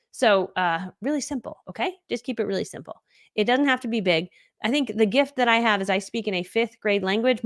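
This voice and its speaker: A middle-aged woman teaches a live online course, chatty and animated, racing through her points. Her voice sits at an ordinary pitch for a woman. The recording is close and dry, with no room sound. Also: dry recording. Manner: fast, animated, chatty with lots of "like" and laughs.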